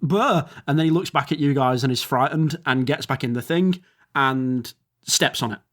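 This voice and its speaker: A man's voice: mid-range voice, moderate pace, a bit bright. A man narrating as game master, rambling and descriptive with fillers.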